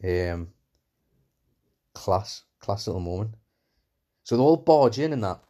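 Speaking slowly in a dark, lowish voice with lively intonation, a man casually retells a film's plot scene by scene. He's enthusiastic and rambling, full of fillers and asides, describing scenes as "class".

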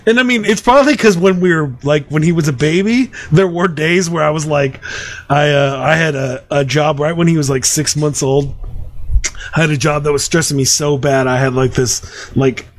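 A man's voice: fairly high pitch, moderate pace. A man in his thirties hosting a casual podcast chat, telling stories with lots of restarts and fillers. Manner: rambling, frequent restarts and fillers. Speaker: podcast host.

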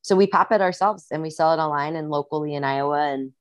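A woman's voice: low-pitched, fast, no echo. A young woman with a Midwestern accent, chatting casually and a little rambling as a guest on a podcast. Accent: Midwestern American. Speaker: musician and guest.

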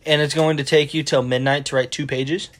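A man's voice: a little high, flat delivery, a little fast. A young man hosting a casual podcast chat, talking loosely with lots of "like" and frequent laughs. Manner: laughs often, uses "like" a lot. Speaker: podcast host.

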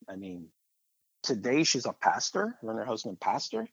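A man's voice: medium pitch, very animated, normal speed, slightly rough, dry recording. Guy telling his own testimony, chatty and meandering, kinda muffled dry sound. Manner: conversational, rambling with fillers and repeated phrases. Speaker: person sharing a faith testimony. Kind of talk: personal testimony storytelling.

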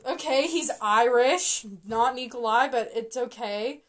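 A young woman vlogger reacting live and excitably, with loud bursts and quiet mumbling. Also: a little high, slow pace, few pauses. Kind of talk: live casting reaction vlog.

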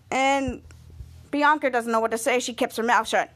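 A woman's voice: a little high, fairly even intonation, moderate pace, fairly bright tone. A woman podcast host casually recapping an episode, rambling and stringing lines together with "and he's like".

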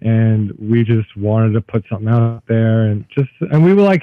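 A man's voice: on the low side, lively intonation, normal speed, few pauses, no echo. Easygoing Brooklyn-accented man, lo-fi. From Brooklyn, New York. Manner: easygoing, swears casually. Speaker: podcast co-host, guest. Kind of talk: casual chat.

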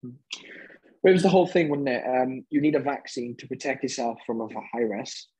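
Husky Welsh man, hesitant and rambling. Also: mid-range voice, moderate pace, mellow, rough recording. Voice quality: rambling, hesitant with many ums. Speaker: guest, UFC fighter. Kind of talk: casual chat.

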